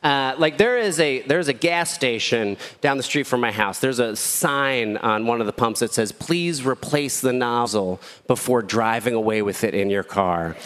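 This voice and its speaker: Rambling comedian man in a big hall. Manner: rambling, self-deprecating, with squeaky shouted quotes. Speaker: stand-up comedian. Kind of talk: stand-up storytelling. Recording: echoey hall with faint ambience.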